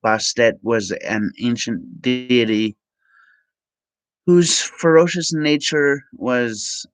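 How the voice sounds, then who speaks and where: A man vlogging and reading aloud from the screen, halting with ums and self-corrections. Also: mid-range voice, smooth, no echo, low-quality recording. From Minnesota. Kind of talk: reading aloud from web pages.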